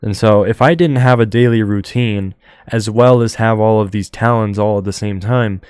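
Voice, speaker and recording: Monotone young man rambling on a podcast. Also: on the low side, moderate pace, clean tone, no echo, clean studio sound. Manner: monotone, rambling, many fillers. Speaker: podcast host. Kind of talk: solo podcast monologue.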